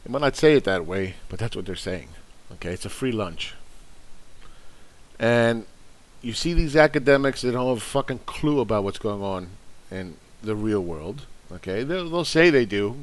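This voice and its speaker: A man's voice: lowish voice, expressive, normal speed. Angry, profane man ranting about money. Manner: angry, sarcastic, profane, mocking. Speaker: investing channel host. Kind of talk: ranting commentary.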